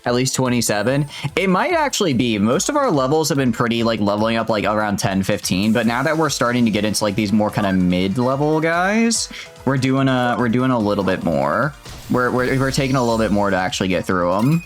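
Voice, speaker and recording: A man's voice: mid-range voice, big pitch swings, fairly quick, faint music behind. A young man casually chatting with viewers while streaming a game, rambling and laughing often. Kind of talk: casual gameplay livestream chat.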